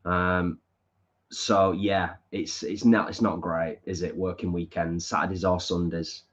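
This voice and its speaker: Northern English male co-host, lower voice, relaxed home live-stream chat, muffled audio. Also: a little slow. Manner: reads viewer comments aloud and replies. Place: home lounge.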